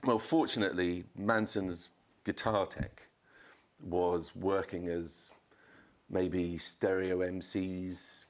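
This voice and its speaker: A man, a podcast guest, telling a chaotic anecdote in casual chat, swearing and jumping up in pitch to act out quotes. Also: takes it slowly. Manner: animated storyteller, swears, acts out quotes in a raised voice.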